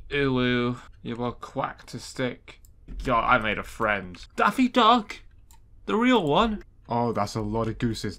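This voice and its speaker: A man giving jokey, excitable commentary while playing an online game, swinging from loud squeals to low mutters. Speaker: gaming YouTuber. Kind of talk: comedic gameplay commentary.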